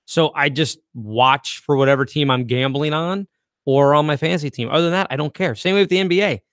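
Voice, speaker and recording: A man's voice: a little high, fairly bright tone, no room sound, studio quality. A man chatting on a podcast, giving blunt, wry opinions in a casual way. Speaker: podcast co-host. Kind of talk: casual chat.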